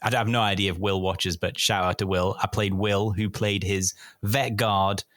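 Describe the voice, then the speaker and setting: A man's voice: lowish voice, fairly even intonation, moderate pace, fairly bright tone, dry recording, studio quality. A man co-hosting a gaming podcast, telling stories in a playful, joking way. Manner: jokey storyteller, playful. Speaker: podcast co-host. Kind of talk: casual chat.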